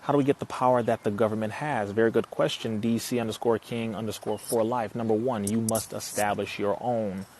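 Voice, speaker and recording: A man's voice: on the low side, steady tone, fairly quick, few pauses, darkish tone, a little hiss or hum. A man talking to viewers on a live stream, reading their comments and answering them, preachy and emphatic, repeating his points. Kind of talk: casual live stream talk.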